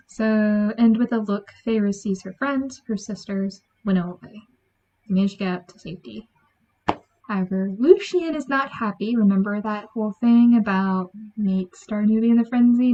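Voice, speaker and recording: A woman giving a chatty, animated book review, acting out lines from the story. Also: a little high. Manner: chatty, animated, acts out quotes. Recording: dull lo-fi sound.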